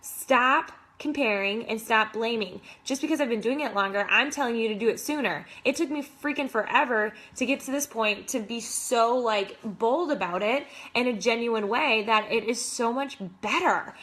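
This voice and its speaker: A woman's voice: a little high, normal speed, few pauses, a bit bright. A young adult woman, a fitness coach, giving enthusiastic, casual motivational advice to other coaches with lots of "like".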